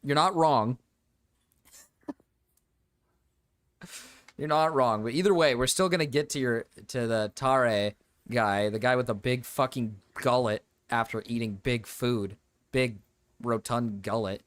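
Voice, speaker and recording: Excitable young man streaming, dry sound. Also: takes it slowly, pauses often, no room sound. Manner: excitable, swears, frequent laughter, sudden high yelps. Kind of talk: live-stream reaction commentary.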